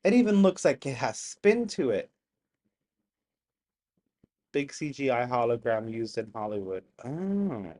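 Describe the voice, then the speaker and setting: A live-stream host casually reacting to old videos, excitable and chatty, bursting into loud exclamations and making apologetic asides to viewers. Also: mid-range voice, a little slow, long pauses.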